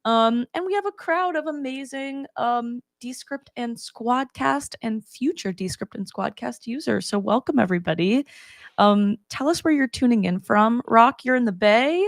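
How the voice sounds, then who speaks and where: A woman's voice: on the high side, expressive, normal speed, no room sound, studio quality. A woman hosting a live webinar as community manager, upbeat and friendly, with frequent "um" fillers, on a video call.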